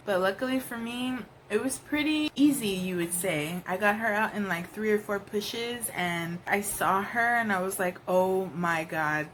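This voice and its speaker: A woman's voice: fairly low pitch, fairly bright tone, slight background noise, poor audio. A woman telling her birth story in a casual vlog, candid and profane, acting out her own reactions. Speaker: new mother, vlogger.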